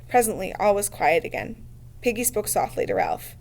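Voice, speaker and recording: A woman reading a novel aloud in a steady, measured way. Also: medium pitch. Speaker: reader.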